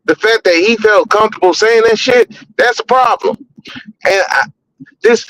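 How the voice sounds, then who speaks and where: Blunt high-voiced man ranting on a podcast. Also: sing-song, a little slow, fairly bright tone, poor audio. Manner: blunt, profane, repeats words when heated. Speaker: podcast host. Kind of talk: opinionated podcast commentary.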